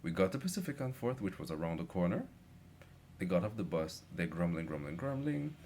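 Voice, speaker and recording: A man's voice: sits low, big pitch swings, fairly quick, a little mellow, slight background noise. A young man rambling through a casual story with lots of fillers. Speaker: vlogger.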